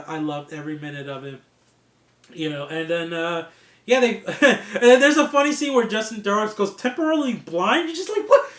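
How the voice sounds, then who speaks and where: A man giving a casual, excitable review of a TV series, laughing often and swearing freely. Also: a little high, roomy sound. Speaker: TV show reviewer.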